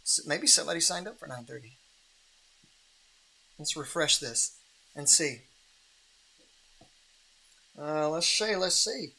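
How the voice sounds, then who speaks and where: A man's voice: a little high, animated, slow, creaky, long pauses, bright, forceful tone. A man hosting a livestream Bible reading in a casual, rambling way, with many restarts and fillers.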